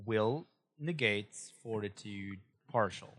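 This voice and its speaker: Bright-voiced man describing his character's magic. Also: on the low side, slow. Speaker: player. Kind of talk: casual tabletop game chat.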